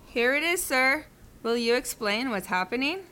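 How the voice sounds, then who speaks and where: A woman playing an excitable young manservant. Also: high voice, normal speed. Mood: startled. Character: eager, excitable male servant.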